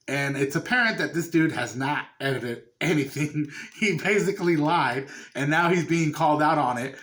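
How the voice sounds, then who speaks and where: A man's voice: on the high side, moderate pace, few pauses, fairly bright tone. A man chatting loosely about a horror film he watched, swearing casually as he recaps it. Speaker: movie reviewer. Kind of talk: casual review chat.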